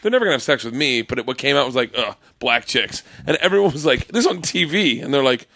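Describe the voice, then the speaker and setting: A man guesting on a podcast, telling anecdotes in an animated way and acting out the other people in them. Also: mid-range voice, racing, no echo, clean studio sound. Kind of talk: casual chat.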